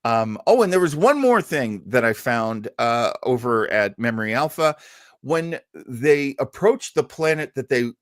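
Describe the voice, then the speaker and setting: A man's voice: medium pitch, sing-song, a little slow, no room sound. Guy cohosting a fan review podcast, stumbles a lot, really into it, dry close sound. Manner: rambling, stumbling over words; enthusiastic fan. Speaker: podcast co-host. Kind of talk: casual review chat.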